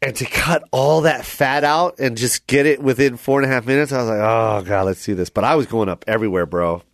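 A man co-hosting a podcast, telling stories in a loose, animated way with lots of fillers and acted-out voices. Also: mid-range voice, fairly quick, no echo, studio quality. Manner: animated storyteller, many fillers, acts out voices. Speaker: comedian and podcast co-host. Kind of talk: casual storytelling chat.

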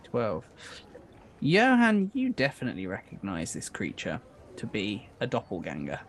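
A man narrating as dungeon master in an improvised tabletop game, unhurried and conversational, with hesitations. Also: low voice, very animated, vocal fry.

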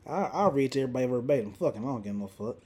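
A man's voice: medium pitch, racing, a little hiss or hum. Profane, rambling young man storyteller. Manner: profane, animated storytelling with lots of restarts. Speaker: podcast host. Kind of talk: casual chat.

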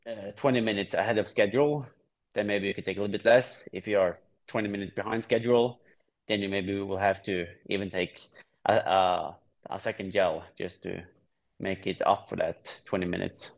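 Relaxed man from Norway, low voice. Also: normal speed. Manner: relaxed, explains plainly with frequent restarts. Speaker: guest triathlete. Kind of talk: casual podcast interview.

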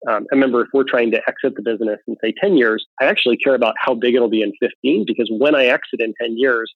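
A man speaking as a venture capital investor in an interview, measured and analytical, with frequent fillers. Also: medium pitch, dry recording. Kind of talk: interview answers. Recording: tinny phone-like line, dry.

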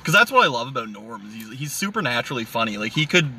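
A man co-hosting a casual comedy podcast, animated and quick to laugh as he riffs along. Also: medium pitch, a crowd in the background. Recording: distant mic with noisy background.

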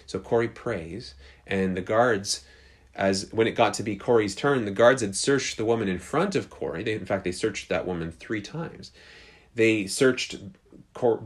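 Low-voiced man telling a story as sermon. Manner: earnest storytelling with frequent restarts. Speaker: preacher.

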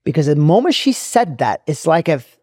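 A man's voice: on the high side, sing-song, moderate pace, darkish tone, no echo, studio quality. A man hosting a podcast, telling a personal story in an emphatic, preachy way and repeating his phrases for effect. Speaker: podcast host. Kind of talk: motivational storytelling monologue.

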